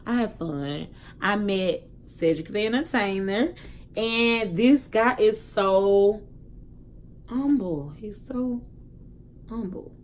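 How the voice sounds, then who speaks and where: A woman's voice: medium pitch, animated, slow pace, a little hiss or hum. A young woman telling a casual story to her viewers, chatty and candid. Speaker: vlogger.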